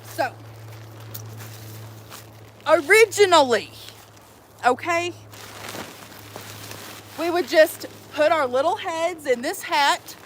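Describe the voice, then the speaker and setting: A young woman vlogging to her phone outdoors at a campsite, chatting in an animated, profane, jokey way. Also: very high voice, takes it slowly, long pauses, slight background noise. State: out of breath. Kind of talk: casual chat to camera.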